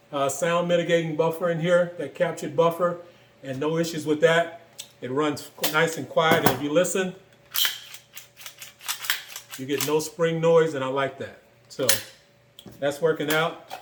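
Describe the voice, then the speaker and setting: A man casually walking through his own gun builds, relaxed and rambling, with many fillers and pauses. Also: on the high side, echoey room. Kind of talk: casual product walkthrough.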